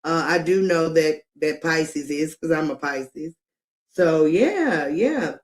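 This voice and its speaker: Slow, emphatic middle-aged woman commentator. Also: low-pitched, expressive. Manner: emphatic, drawn-out, laughs often. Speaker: live-stream commentator. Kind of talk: live commentary chat.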